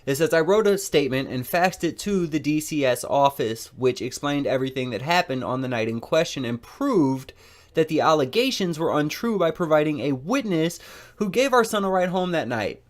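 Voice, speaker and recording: A man's voice: fairly high pitch, animated, normal speed. A man giving profane, angry reaction commentary on a video, mocking and swearing constantly.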